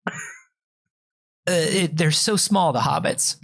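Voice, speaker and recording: This comedy podcast co-host is a man whose fairly high, fairly bright voice has a creaky texture and a slow delivery. His casual, joking talk wanders as he reads out statistics, stumbling through fillers and frequent restarts.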